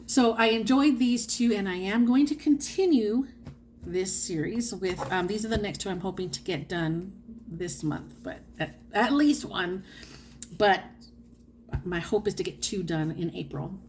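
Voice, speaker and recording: A woman's voice: mid-range voice, a little slow, darkish tone, slight background noise. A woman from the United States chatting casually about her reading as a book vlogger, correcting herself often and laughing easily. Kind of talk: casual chat.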